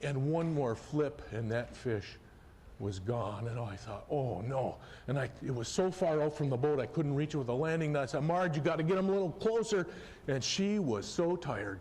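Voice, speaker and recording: A middle-aged man telling a personal fishing story on a festival stage, folksy and animated, swinging from hushed to loud excitement. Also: fairly high pitch, moderate pace, a little hiss or hum. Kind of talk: live storytelling performance. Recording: live hall recording with long reverb, faint ambience.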